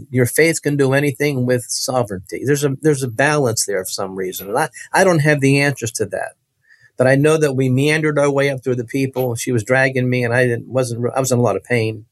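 A man telling a personal story as an interview guest, animated and emphatic, often repeating phrases. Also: medium pitch, no echo.

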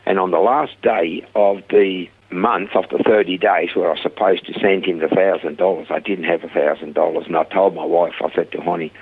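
Older swiss guy spinning a story, low gravelly husky voice, acts out the back and forth. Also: brisk, hardly any pauses, phone-quality sound. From Switzerland. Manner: animated anecdotal storytelling, acting out dialogue. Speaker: guest telling his life story. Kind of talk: storytelling interview.

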